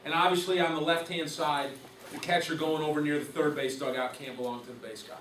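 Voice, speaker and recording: A man's voice: fairly high pitch, steady tone, fast, fairly bright tone. A man teaching a class of umpires in a conversational lecture, asking questions and repeating key points. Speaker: umpire instructor. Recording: roomy, distant mic, faint hiss.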